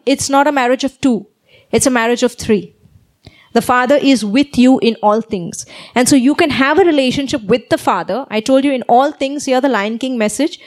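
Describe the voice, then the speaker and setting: Her pitch sits high as this female preacher animatedly shares a personal story in her sermon, pausing often to ask "okay?".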